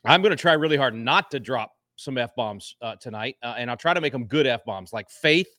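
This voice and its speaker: A man's voice: mid-range voice, lively intonation, a little fast, sharp tone, no echo. Fervent, angry middle-aged man, dry sound. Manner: angry, fervent, with frequent restarts. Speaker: guest. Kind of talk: impassioned talk show commentary.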